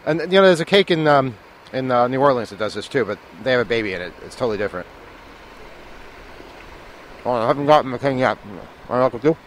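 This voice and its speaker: A man's voice: medium pitch, lively intonation, quick pace, long pauses. A man chatting casually on a hotel balcony and joking as he hosts. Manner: joking, chatty, laughs often. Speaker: co-host. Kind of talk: casual chat. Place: hotel balcony above a busy street. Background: street traffic.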